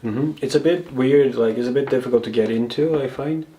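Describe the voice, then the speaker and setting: A man's voice: medium pitch, a little fast, mellow. A man from Brazil chatting casually as a guest, eager to recommend places. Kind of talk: casual chat.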